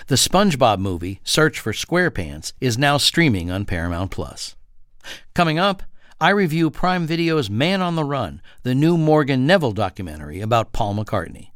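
A man reading a scripted radio announcement in a measured way. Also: mid-range voice, big pitch swings, a bit bright, dry recording, clean studio sound. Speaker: radio host.

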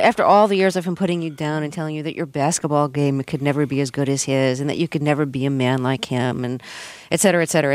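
A woman's voice: lowish voice, a little mellow, no echo. A woman radio interviewer asking probing, conversational questions.

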